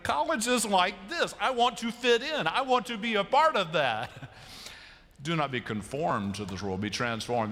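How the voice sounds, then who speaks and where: Lively storytelling pastor in a church. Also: male voice, medium pitch. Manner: storytelling, animated, acts out quotes and sheep bleats. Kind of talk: sermon. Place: large church sanctuary. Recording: long church reverb.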